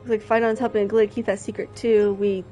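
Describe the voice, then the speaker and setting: A young adult woman talks through a game in casual, excitable commentary. She often mutters to herself between bursts of excitement, and her voice sits slightly high. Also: fast talker, faint music behind. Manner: chatty, excitable, talking to herself. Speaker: streamer.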